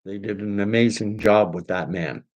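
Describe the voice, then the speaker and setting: A man's voice: lowish voice, normal speed, muffled recording. A man hosting a casual livestream and reading viewer comments, talking in a rambling, enthusiastic way with frequent restarts. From Canada. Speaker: online commentary host.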